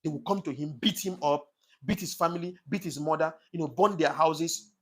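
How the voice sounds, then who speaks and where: Impassioned man, husky voice. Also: a little high, brisk. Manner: preachy, repetitive, emphatic. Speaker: commentator on his own channel. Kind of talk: impassioned political monologue.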